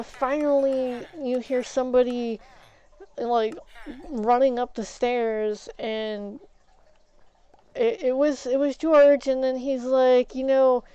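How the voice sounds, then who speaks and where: A woman's voice: a little high, warm tone, clean tone, muffled recording. A woman streamer telling a story in a rambling way while she plays a game, swapping in "flip" for swear words. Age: adult, has an ex-husband. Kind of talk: casual storytelling while gaming.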